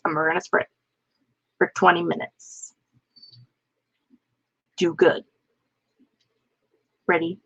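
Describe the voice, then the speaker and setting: Woman streamer, slow and gravelly, rambling and self-mocking, dull lo-fi audio. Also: lowish voice, flat delivery. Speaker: author hosting a live writing stream. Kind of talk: casual live-stream chat.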